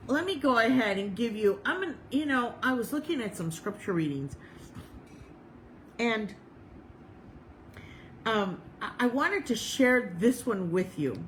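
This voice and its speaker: A woman's voice: fairly high pitch, a little hiss or hum, rough recording. Bubbly, laughing woman chaplain. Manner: bubbly, laughs often, animated impressions; slow, measured recitation of prayers and scripture. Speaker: chaplain and reverend leading a service. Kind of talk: casual, storytelling sermon.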